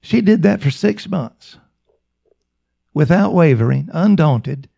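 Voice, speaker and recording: Male preacher, sermon storyteller, somewhat high pitch, gravelly, emphatic and repetitive. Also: lively intonation, dark tone, highs cut off. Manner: slow, emphatic, repetitive phrasing.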